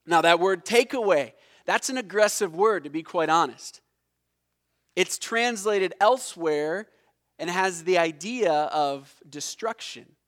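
A man preaching a sermon in a fairly high voice, taking his time over each phrase. He explains the meaning of words with emphasis and lets key words fall low and quiet. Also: lively intonation. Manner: explains word meanings slowly and deliberately. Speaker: pastor.

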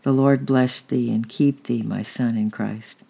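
A man's voice: mid-range voice, fairly even intonation, vocal fry, mellow, husky. A man reading aloud, voicing an aged, fervent apostle with solemn, proclaiming speech in a storybook. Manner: solemn, proclaiming, slow blessing.

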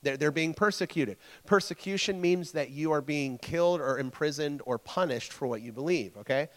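A man delivers a relaxed, conversational sermon in a fairly high voice for a man. He trips over and repeats words as he talks, tossing questions back at his listeners. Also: moderate pace, big-room sound. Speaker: preacher teaching a church group. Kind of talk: casual interactive sermon.

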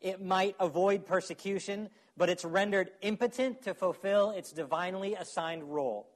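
A man's voice: high-pitched, normal speed. Man preaching a casual sermon. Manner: conversational preaching, checks in with "okay?". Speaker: pastor.

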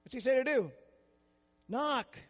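A man's voice: very high-pitched, animated, unhurried, long reverb tail. An older man preaching a sermon as a pastor, with a conversational style full of rhetorical questions.

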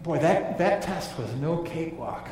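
A man preaching a sermon, emphatic, dropping low and quiet on key phrases. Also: expressive, measured pace, recorded from a distance, slight background noise. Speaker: pastor. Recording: echoey hall, voice from off-mic.

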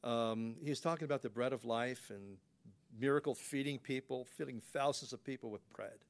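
Man, pastor, conversational sermon, folksy, rhetorical questions, mid pitch. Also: brisk. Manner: folksy, rhetorical questions, frequent "you know" fillers.

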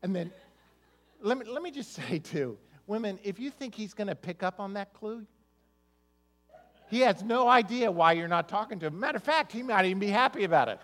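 A man preaches a sermon in a high voice. He speaks conversationally to the congregation and often doubles the first words of a sentence. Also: lively intonation, a little fast, a bit bright. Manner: conversational, repeats words when starting sentences. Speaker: pastor.

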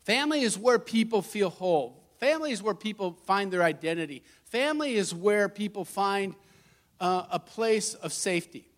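A middle-aged man preaching a sermon as lead pastor, animated and laughing as he acts out funny stories. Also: high-pitched, moderate pace. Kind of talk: sermon with storytelling.

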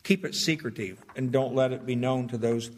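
A man's voice: mid-range voice, normal speed. A pastor preaching a sermon, stressing key words and restarting phrases as he explains a passage.

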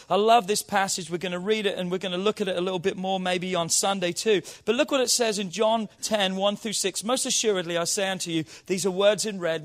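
In a church sermon, a pastor with a non-local accent and a notably high voice teases his congregation with playful questions. He then reads scripture slowly and rises into emphatic calls, his delivery conversational and punchy.

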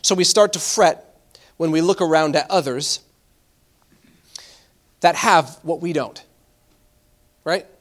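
High-voiced man preaching a sermon. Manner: animated preaching, reads scripture slowly, repeats words. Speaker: pastor.

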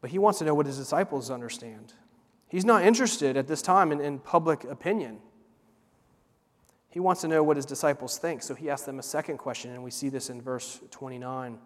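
A man preaching a sermon, earnest and emphatic, slowing down to repeat words for weight. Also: mid-range voice. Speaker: pastor. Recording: long hall reverb.

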